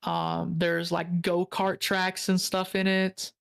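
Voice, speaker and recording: A woman's voice: fairly low pitch, level tone, takes it slowly, creaky, clear, resonant tone. Laid-back young woman telling a story. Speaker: guest. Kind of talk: casual chat.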